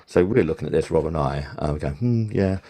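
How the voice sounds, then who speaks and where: Low-voiced older man telling anecdotes. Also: fairly even intonation, fast talker, mellow, husky. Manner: rambling anecdotes with many fillers and restarts. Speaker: podcast guest, sound supervisor. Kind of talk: casual interview.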